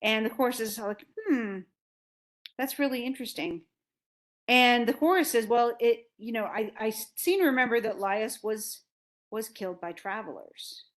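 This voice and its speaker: A woman's voice: fairly high pitch, normal speed. A woman lecturing on a classic play, casually retelling scenes and acting out the characters' lines in everyday words. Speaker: literature instructor.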